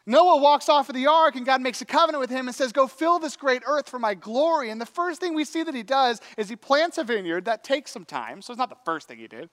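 A man preaching a sermon, telling a story in an animated, conversational way with acted-out quotes. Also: very high-pitched, quick pace, hardly any pauses. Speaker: pastor.

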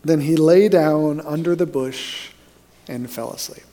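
A man preaching a sermon as pastor, telling stories with energy and dropping to a hushed voice for emphasis. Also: a little high, a little slow. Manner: animated storyteller who drops to a hushed voice for emphasis.

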